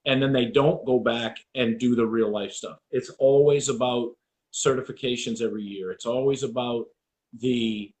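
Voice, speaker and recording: A man's voice: mid-range voice, normal speed, slight background noise. A man with an American accent, hosting an interview and telling stories animatedly, acting out what others said. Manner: animated storyteller, acts out quotes, swears. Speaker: podcast host. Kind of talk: casual interview talk.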